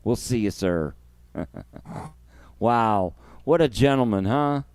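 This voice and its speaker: A man's voice: fairly low pitch, animated, takes it slowly, darkish tone, dry recording. A man hosting his own music livestream, talking emotionally and effusively, thanking viewers and guests by name. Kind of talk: casual livestream chat.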